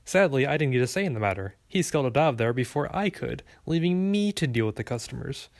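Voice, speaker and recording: A man's voice: mid-range voice, very animated, quick pace, dry recording. A man reading a first-person story aloud with a wry, sarcastic delivery. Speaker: audiobook narrator.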